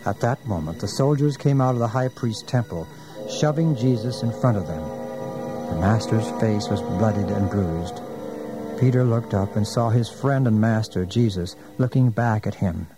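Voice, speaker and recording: A man narrating a religious story in a solemn, measured manner. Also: lowish voice. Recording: narration over music.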